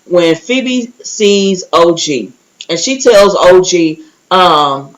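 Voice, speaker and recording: A woman giving a casual, chatty recap, telling the story with animated asides and quickly acting out what others said. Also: lowish voice, rough recording. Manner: quick acted-out quotes of others. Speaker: recap vlogger.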